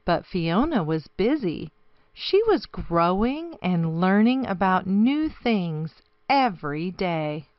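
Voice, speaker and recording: A woman reading a children's picture book aloud, slow and expressive, her voice rising and falling a lot. The recording is dry with a slightly dull sound. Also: lowish voice, dry recording. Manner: expressive, storytelling lilt. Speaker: storybook reader.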